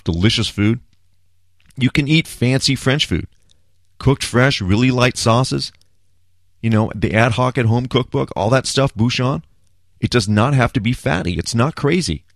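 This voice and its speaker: A man's voice: fairly low pitch, no room sound, clean studio sound. A man hosting a home cooking show, talking casually and bluntly to the camera with some swearing. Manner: blunt, profane, energetic. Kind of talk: casual talk to camera, recipe instructions.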